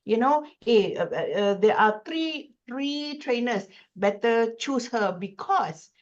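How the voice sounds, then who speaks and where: Malaysian english woman, trainer telling stories on a podcast, kinda high voice, animated, muffled lo-fi sound. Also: slow. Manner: animated, emphatic storyteller. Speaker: corporate trainer, podcast guest. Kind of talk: casual podcast chat.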